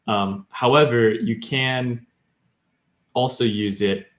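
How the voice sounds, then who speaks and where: A man's voice: mid-range voice, steady tone, takes it slowly, roomy sound. A man co-hosting a podcast, chatting casually and explaining grammar step by step with many fillers. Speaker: podcast co-host. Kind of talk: casual language-learning chat.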